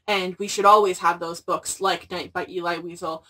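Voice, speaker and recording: A woman's voice: lowish voice, fairly even intonation, normal speed, sharp tone, recorded from a distance. A young adult woman chatting casually about books, rambling and gushing with lots of fillers. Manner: gushing, rambling, frequent "like" and "freaking". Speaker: book vlogger. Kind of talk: casual chat.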